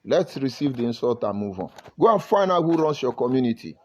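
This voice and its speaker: A man's voice: mid-range voice, big pitch swings, a little fast, darkish tone. Emphatic Nigerian man, lo-fi stream. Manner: emphatic, preachy, reads viewer comments aloud. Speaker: online broadcaster. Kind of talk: live-stream commentary.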